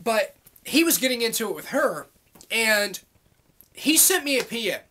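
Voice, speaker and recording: Casting note: irritated vlogger, mid-pitched voice, rambling profane rant straight to camera. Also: very animated, moderate pace, bright, forceful tone. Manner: heated, profane, rambling, full of fillers. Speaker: YouTube vlogger. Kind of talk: angry monologue rant to camera.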